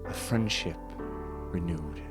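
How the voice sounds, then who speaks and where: A man narrating an improvised solo tabletop role-play session in a slow, dramatic storytelling manner. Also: low voice. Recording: voice over background music.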